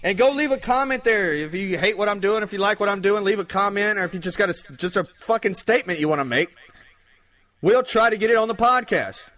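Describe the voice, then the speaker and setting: On his own podcast, a man with a high, expressive, fairly bright voice talks fairly quickly, rambling loosely and cracking jokes. He reads out the news with plenty of swearing, keeping it all casual and comedic.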